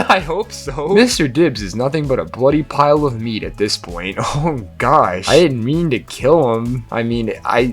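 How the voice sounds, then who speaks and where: A man's voice: mid-range voice, very animated, moderate pace, hardly any pauses, faint music behind. A young man hosting a gaming channel, reading an AI-written text adventure aloud and reacting, laughing often, swearing and trying silly voices for the characters.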